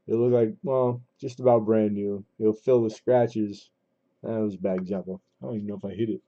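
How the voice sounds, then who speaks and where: A man's voice: on the low side, fairly even intonation, brisk. A man hosting a coin auction livestream, rambling casually with many fillers and restarts, calling out last bids. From Southern California. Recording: dull lo-fi stream audio.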